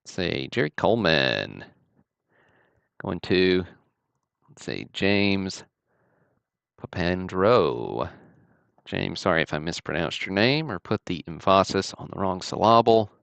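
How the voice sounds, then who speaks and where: A man's voice: low-pitched, sing-song, takes it slowly, gravelly, long pauses, a bit bright, clean tone, dry recording. A man from Alabama, casually hosting a card-break livestream with easygoing, chatty commentary.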